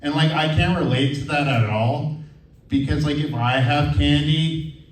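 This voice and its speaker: Performing stand-up for a live audience at a comedy venue, a man in his thirties speaks in an unhurried, high-side voice. His set is rambling and hesitant with lots of fillers, and the recording sounds roomy and distant.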